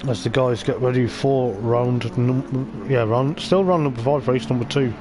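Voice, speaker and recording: An unhurried man with a medium-pitched voice provides chatty, meandering live commentary on an online racing league event, against clear engine noise from the racing game.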